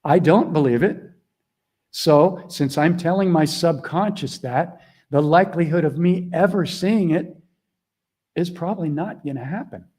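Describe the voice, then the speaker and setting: A middle-aged man mentoring a group on a video call, talking earnestly and casually, shifting between quiet asides and emphatic points. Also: on the high side, a little slow, husky. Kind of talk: casual teaching talk.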